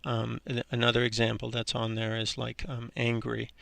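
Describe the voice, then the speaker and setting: Gravelly guy walking through a grammar lesson, bright edge, dry close sound, says um a lot. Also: mid-range voice, dry recording. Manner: relaxed, halting, with frequent ums and restarts. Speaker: English grammar teacher.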